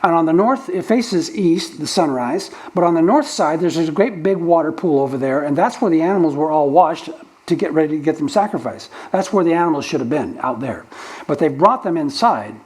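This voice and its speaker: A man's voice: a little high, lively intonation, fairly quick, a little mellow, poor audio. A male pastor preaching a teaching sermon, explaining the original words of the text, with frequent restarts. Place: church sanctuary.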